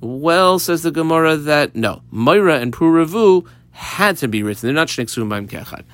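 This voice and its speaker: A man's voice: fairly high pitch, animated, normal speed, fairly bright tone, no echo. A man teaching a Talmud class. He explains it step by step and weaves Hebrew and Aramaic terms into his English. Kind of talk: daily page Talmud class.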